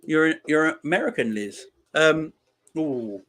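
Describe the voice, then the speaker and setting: A man's voice: fairly high pitch, slow pace, fairly bright tone. A man in his forties giving chatty live football watchalong commentary and bantering with his chat. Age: 40s. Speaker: streamer.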